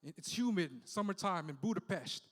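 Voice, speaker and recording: A man's voice: sits high, animated, brisk. A man doing a loose, profane stand-up set in a comedy club, peppering his lines with "you know.". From Philippines heritage, Bay Area. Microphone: handheld stage mic. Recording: live club with long reverb.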